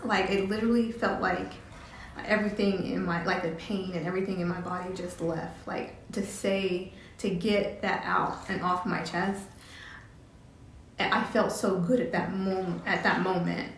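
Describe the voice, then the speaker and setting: A woman telling a personal story on her vlog, halting and restarting often with filler words. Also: lowish voice, steady tone. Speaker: vlogger. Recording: very echoey room, faint background hum. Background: cat drinking from water fountain.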